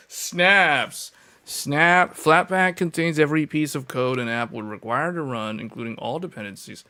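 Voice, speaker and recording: Animated, exasperated male tech host. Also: on the high side, unhurried. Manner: animated, exasperated, lots of fillers. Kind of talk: casual livestream chat.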